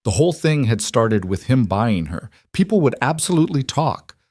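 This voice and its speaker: A man reads a storybook western as scripted narration, keeping an even storytelling manner. His voice is mid-range at a normal speed, recorded dry in a clean studio.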